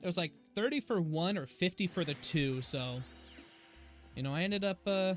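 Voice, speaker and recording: A man's voice: high-pitched, animated, moderate pace. A man chatting casually with viewers while he streams a game, rambling from one topic to the next and laughing easily. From United States. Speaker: gaming streamer. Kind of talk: casual live-stream chat while playing. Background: faint game music.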